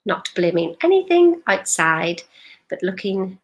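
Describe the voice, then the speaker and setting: A woman's voice: medium pitch, very animated, unhurried. A woman, a life coach talking directly to a live-stream audience in an emphatic, questioning way.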